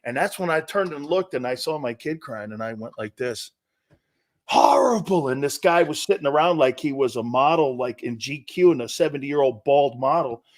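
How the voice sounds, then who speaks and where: A man hosting a sports talk show, telling rambling, animated stories with many restarts while standing. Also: medium pitch, a little fast, hardly any pauses. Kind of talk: casual sports talk banter.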